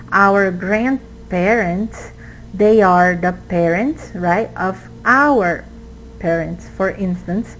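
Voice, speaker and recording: A woman teaching an English exam review, speaking slowly and patiently and stressing syllables as she models words. Her first language is Portuguese. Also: medium pitch, slight background noise, low-quality recording.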